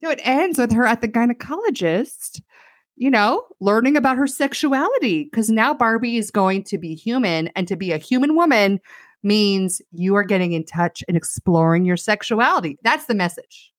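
A woman's voice: fairly high pitch, normal speed, dry recording, studio quality. A woman co-hosting a podcast, sardonically retelling a film in casual chat, saying "like" often and acting out the lines she quotes. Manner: sardonic, animated storytelling with acted-out quotes; says "like" very often. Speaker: podcast co-host.

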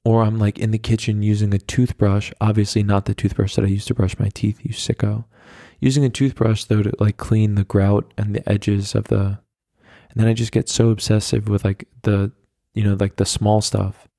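A man's voice: on the low side, little pitch movement, moderate pace, mellow, no room sound, clean studio sound. A young man hosting a solo podcast, talking casually and rambling in a self-deprecating way, with lots of fillers. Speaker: podcast host.

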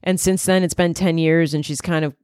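A woman's voice: low voice, fairly even intonation, brisk, darkish tone, clear, resonant tone, dry recording, clean studio sound. A woman in her thirties hosting a solo podcast, chatting casually in a candid, rambling way with plenty of swearing and filler words. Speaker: podcast host.

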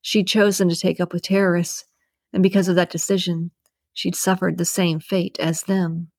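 Low-voiced woman narrating a novel. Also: little pitch movement, moderate pace, gravelly, darkish tone, no echo, clean studio sound. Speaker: audiobook narrator. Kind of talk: scripted narration.

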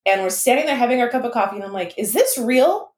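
A woman casually chatting as a podcast co-host, telling travel stories with lively acted-out reactions and frequent swearing. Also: a little high, racing. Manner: animated storyteller, swears freely, acts out her own reactions. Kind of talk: casual chat. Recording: roomy echo.

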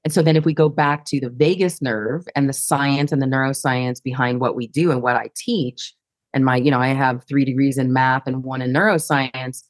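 A woman with a notably low voice speaks as a guest in a podcast interview. She explains her ideas earnestly and reflectively, in a dry, close-miked sound. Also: fairly even intonation, normal speed, no echo. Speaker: guest, sales educator.

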